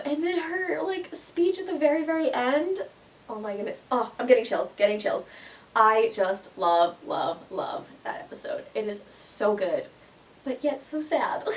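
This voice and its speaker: A woman's voice: mid-range voice, distant mic, poor audio. A woman vlogger chatting casually and emotionally, gushing with many fillers like "like" and "oh my goodness". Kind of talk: casual chat.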